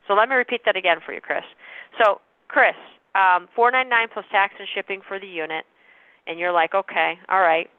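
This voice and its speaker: A woman's voice: mid-range voice, fairly quick, dry recording. A woman coaching a sales team on a call, matter-of-fact and often checking in with "okay?". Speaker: sales trainer. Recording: tinny phone-line call.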